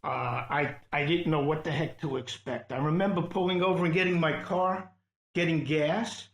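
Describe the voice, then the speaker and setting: A man from Queens tells stories and teases his friends, acting out what people said. His voice sits fairly high, and it rings in a roomy space around the mic. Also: normal speed. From Queens, New York. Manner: teasing, animated storyteller who quotes people. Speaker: podcast co-host. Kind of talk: casual chat.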